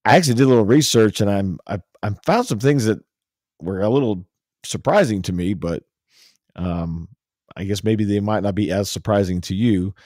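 A man from the United States hosting a podcast, talking in a laid-back way with plenty of fillers. His voice is low and mellow. It is recorded dry and close. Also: moderate pace, no echo. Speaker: podcast host. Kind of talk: casual podcast chat.

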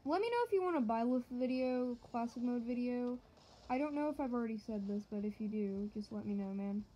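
A woman giving joking let's-play commentary to her viewers, excitable and yelping at the game. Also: fairly high pitch, brisk, muffled recording. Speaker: gaming channel host.

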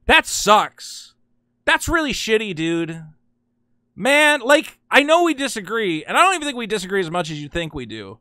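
A man hosting a casual commentary vlog, talking in an excitable, rambling, exasperated way. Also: high-pitched, moderate pace, dry recording, studio quality. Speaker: channel host.

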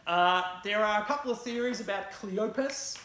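A woman's voice: mid-range voice, moderate pace, fairly bright tone, roomy sound, a little hiss or hum. Chatty woman preaching in a church. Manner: chatty, conversational retelling with fillers. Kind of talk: sermon.

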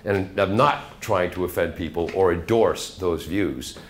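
A middle-aged radio host speaks to a college classroom. His voice sits a little low, and he rambles through anecdotes in a chatty way, ready to drop into a character voice at any moment. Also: a little slow, slight background noise. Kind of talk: guest lecture to a college class.

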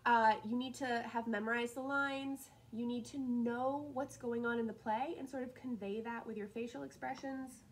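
A woman teacher talking through class assignments in a casual, upbeat way, with frequent laughs and quick asides. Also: fairly high pitch, steady tone, a little hiss or hum, low-quality recording. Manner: chatty and upbeat, laughs often, drops into asides. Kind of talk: casual recorded lesson walkthrough.

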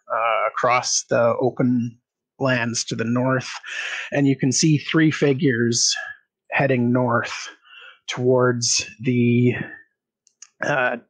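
A man narrating as game master of a tabletop game. He describes scenes slowly, with frequent pauses. His pitch sits in the middle range. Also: fairly bright tone, breathy edge, rough recording.

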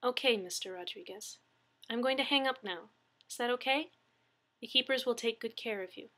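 A woman's voice: a little high, moderate pace, bright, forceful tone, voice pushed up. A woman voicing a friendly female emergency dispatcher who talks in a chatty, reassuring way in an audiobook reading.

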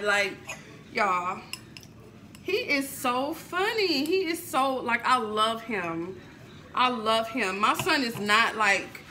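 A woman's voice: a little high, pushed and bright, slight background noise, poor audio. A woman in her thirties chatting casually in a home kitchen vlog, laughing and swearing freely. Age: 30s. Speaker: vlogger. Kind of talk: casual cooking vlog chat.

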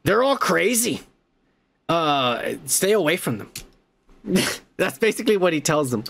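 Man, podcast host, casual movie recap, excitable, swears a lot, fairly high voice. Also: unhurried, vocal fry, breathy edge. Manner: excitable, profane, rambling with restarts.

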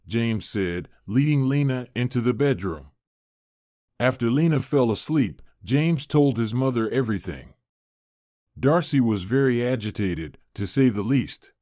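A man reading a story aloud in a steady, even scripted narration. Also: mid-range voice, a little slow, no room sound, clean studio sound.

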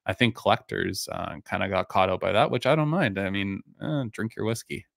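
Male stream host, lowish pitch, slightly hoarse, loose chatty delivery, dry close sound. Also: brisk, no room sound. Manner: relaxed, rambling, many fillers and restarts. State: voice going a bit hoarse. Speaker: live-stream whisky reviewer, host. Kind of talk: casual live-stream chat, answering viewer comments.

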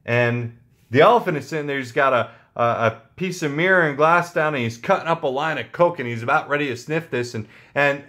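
Male channel host with a slightly high voice, loose and joking, full of fillers. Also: fairly bright tone. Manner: rambling, joking, with frequent fillers. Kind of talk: casual chat to viewers.

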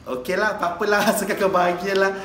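A woman with a Singaporean English accent voicing a brash, teasing neighbor who talks loudly and quickly and throws in local slang, recorded in an echoey room. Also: mid-range voice, little pitch movement, slight background noise, natural voice. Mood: chatty.

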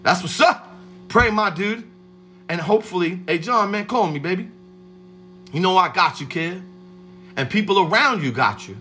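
A man hosting a livestream, giving a streetwise motivational pep talk and shouting out viewers by name. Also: high-pitched, animated, moderate pace, long pauses. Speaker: livestream host.

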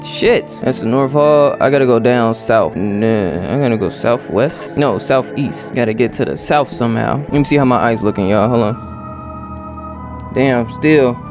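A man's voice: medium pitch, moderate pace. A man giving casual, profane let's-play commentary, talking straight to his viewers. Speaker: gaming video host. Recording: game music behind.

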